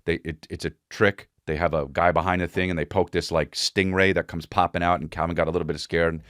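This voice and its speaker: A man's voice: low-pitched, little pitch movement, fast talker, fairly bright tone, clear, resonant tone, dry recording, studio quality. A man hosting his own podcast, telling rambling, profane comic stories and imitating voices and sounds along the way. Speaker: podcast host. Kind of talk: casual comedic monologue.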